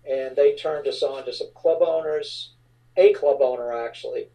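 A middle-aged man from the New Orleans area recalls his band's early days in a relaxed, rambling way, full of fillers. His voice is dark and mellow. He sits a little back from the microphone. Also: medium pitch, moderate pace, far from the mic, rough recording. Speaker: rock band frontman, guest. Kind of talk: casual interview storytelling.

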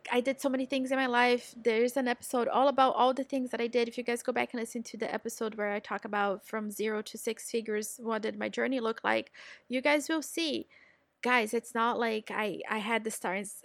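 A woman's voice: a little high, fairly quick, no room sound. A woman from Brazil, hosting a motivational business podcast and cheering listeners on directly. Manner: energetic, encouraging, talks straight to listeners. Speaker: podcast host.

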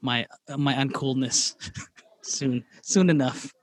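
A man's voice: medium pitch, steady tone, slow pace, no echo. A man who is a father of young kids, co-hosting a casual podcast and talking in a joking, teasing way. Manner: joking, teasing, playfully mock-clueless. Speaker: podcast co-host. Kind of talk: casual chat.

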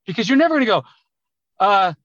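A man talking loudly and emphatically as a business coach in a conversational podcast interview. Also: high-pitched, fast, no room sound, lo-fi sound. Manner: loud, emphatic, animated talker. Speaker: auto repair business coach.

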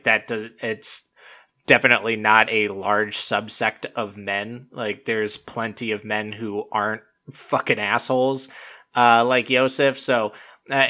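Young male podcast host, casual rambling recap, bright forward tone, swears freely. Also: mid-range voice. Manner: rambling, profane, full of "like" and laughter.

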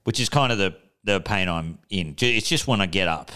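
Young Aussie man, low smooth voice, relaxed storyteller on a podcast. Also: brisk. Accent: Australian. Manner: laid-back storytelling, swears freely. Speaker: podcast co-host. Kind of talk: casual chat.

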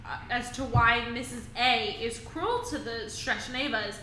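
High bright-voiced woman with hiccups. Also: a little slow, roomy sound, a little hiss or hum, rough recording. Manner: animated, reads out her notes, laughs often. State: has the hiccups. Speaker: podcast co-host. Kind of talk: casual book discussion.

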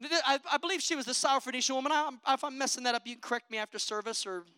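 A preacher with a high, bright voice delivers a sermon, calling out to the congregation for amens. The delivery swings from loud declarations down to low, chatty asides. The recording is dry and close. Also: racing, smooth, dry recording. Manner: impassioned, calls out for amens.

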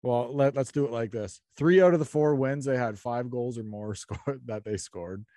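A man's voice: mid-range voice, moderate pace, dark tone, no echo, clean studio sound. A man hosting a hockey podcast, laid-back and casual, laughing often and swearing. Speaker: podcast host. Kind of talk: casual chat.

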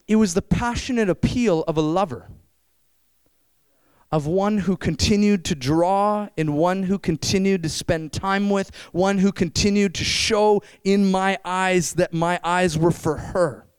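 A young man preaching a sermon, animated and addressing the congregation with frequent questions. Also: high voice, smooth, no echo.

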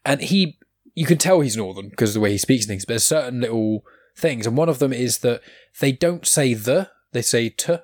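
A man's voice: mid-range voice, animated, a little fast, no echo. A man with a southern English accent hosting a podcast in casual chat, laughing often and swearing freely. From southern England. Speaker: podcast host. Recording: dry close mic.

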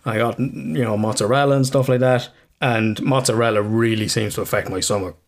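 A man's voice: mid-range voice, steady tone, brisk. An Irish man co-hosting a podcast, his voice sitting in an ordinary middle register. He rambles through stories, drops curses freely and chuckles at himself as he goes. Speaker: podcast co-host. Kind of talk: casual podcast chat.

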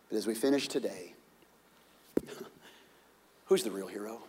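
A middle-aged man preaching a sermon as pastor, telling the story dramatically with shouts and hushed whispers. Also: lowish voice, unhurried, pauses often, husky, long reverb tail.

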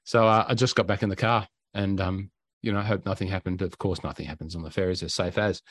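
A man's voice: sits low, fast, no room sound. Chatty Australian man telling stories. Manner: animated, acts out quotes and sounds. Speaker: podcast host. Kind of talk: casual storytelling.

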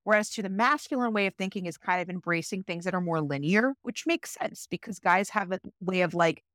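A woman's voice: lowish voice, fairly quick, a bit bright, no echo, clean studio sound. Chatty, swearing woman podcast co-host. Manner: chatty, swears freely, quotes people in voices. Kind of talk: casual chat.

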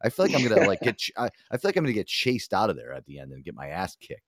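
Casting: low-voiced young male host, very expressive pitch, dry close-mic sound, swears a lot. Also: very fast, no room sound. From Connecticut. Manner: animated, swears a lot, acts out other voices. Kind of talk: casual chat.

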